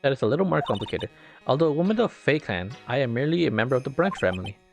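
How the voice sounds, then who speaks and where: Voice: medium pitch, big pitch swings, racing, vocal fry. A player reading game dialogue aloud, voicing a stern, formal older woman spirit medium over game music. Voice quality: stiff, overly formal phrasing.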